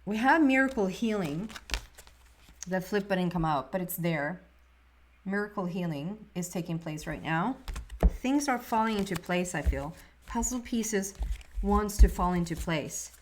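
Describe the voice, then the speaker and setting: A woman giving a monthly tarot reading in a soft, meandering way, often trailing off and restarting her sentences. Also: lowish voice, expressive, measured pace, slight background noise. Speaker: tarot reader.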